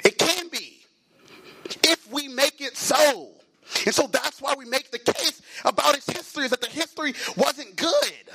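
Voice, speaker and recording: A man preaching a sermon in a rhythmic cadence, repeating phrases, stretching key words and sometimes shouting. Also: very high-pitched, moderate pace, poor audio.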